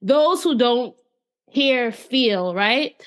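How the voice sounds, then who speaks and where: A woman hosts a conversational interview in a fairly high voice. She asks probing questions and checks in with "right?" as she talks. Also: animated, extremely slow. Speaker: podcast host.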